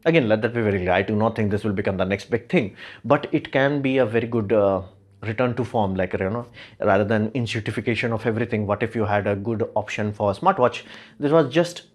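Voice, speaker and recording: A man's voice: on the low side, fast. A man hosting a tech show, talking casually about gadgets with a chatty, wry manner and lots of fillers.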